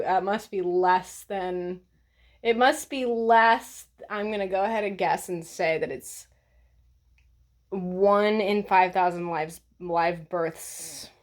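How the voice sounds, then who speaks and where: A woman vlogger talking in a blunt, sarcastic, profane way as she rants to the camera. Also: fairly low pitch. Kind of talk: casual ranting vlog.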